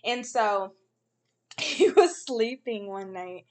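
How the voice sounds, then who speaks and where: A woman in her thirties, a mother, telling animated stories in casual chat with frequent laughs. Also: a little high, extremely slow.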